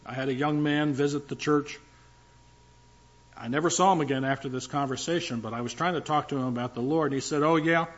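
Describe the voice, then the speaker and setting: A man's voice: medium pitch, lo-fi sound. An older male pastor preaching a sermon in a conversational, emphatic way, with asides to the congregation.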